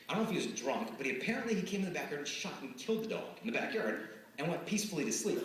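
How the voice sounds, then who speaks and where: A man giving a lively live talk to a student audience, often acting out the voices of the people in his stories. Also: medium pitch. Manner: animated, acts out quoted voices. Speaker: speaker addressing students. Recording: echoey hall from far off, faint hiss.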